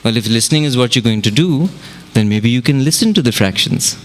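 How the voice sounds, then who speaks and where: A man's voice: mid-range voice, brisk, a little hiss or hum. A man teaching music and counting beats aloud to an audience in a workshop, mixing in Hindi. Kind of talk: interactive workshop talk. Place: event room with audience.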